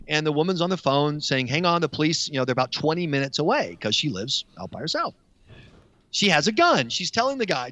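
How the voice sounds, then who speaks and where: A man with an American accent arguing his side in a studio debate, sarcastic and animated. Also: high-pitched, fairly quick, no room sound, muffled recording. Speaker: studio guest.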